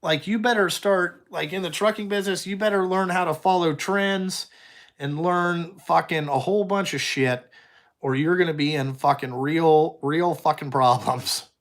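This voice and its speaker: A man's voice: fairly high pitch, normal speed, fairly bright tone. A young man who owns a trucking company, chatting casually with viewers and answering them bluntly with heavy swearing.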